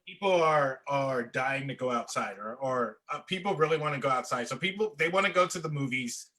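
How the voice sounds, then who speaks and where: A man chatting casually on a podcast, relaxed and conversational, quoting others. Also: medium pitch, fairly quick. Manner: relaxed, conversational, quotes people.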